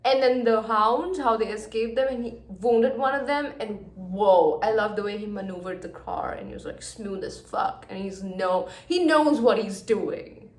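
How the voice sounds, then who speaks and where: A young woman reacting emotionally to a book in a casual reading vlog, going from hushed gushing to loud exasperation. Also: mid-range voice, measured pace, hardly any pauses. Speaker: book vlogger. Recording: echoey room.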